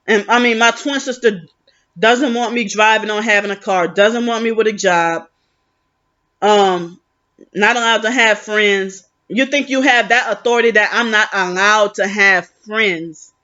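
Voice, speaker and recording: A woman's voice: mid-range voice, a little slow, bright, forceful tone, lo-fi sound. A woman venting in a rambling, aggrieved vlog monologue, often restarting her sentences. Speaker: vlogger.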